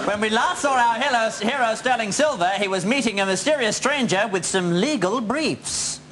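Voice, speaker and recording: A man hosting a live comedy TV show, energetic and laughing as he announces. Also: high voice, moderate pace, few pauses. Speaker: show host. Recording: loud noisy live studio with audience.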